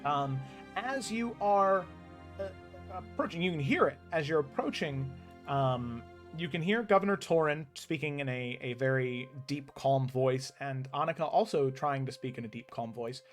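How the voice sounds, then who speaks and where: A man's voice: fairly high pitch, lively intonation, moderate pace, faint music behind. A man narrating as game master in a tabletop game, chatty with many ums and frequent laughs.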